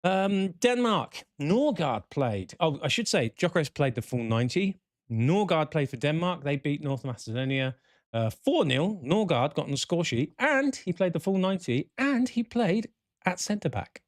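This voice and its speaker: A man's voice: on the high side, moderate pace, no room sound, studio quality. A man hosting a casual football chat show, ranting with exasperation and the odd swear word. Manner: animated, swearing, exasperated rants. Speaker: podcast host.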